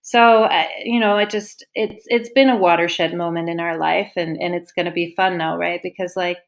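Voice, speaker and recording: A woman's voice: on the low side, fairly even intonation, normal speed. A woman guest, a teacher and mother, telling a personal story in a podcast interview with heartfelt feeling and at times near tears. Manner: heartfelt, openly moved, retelling with quoted dialogue. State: tearful at times.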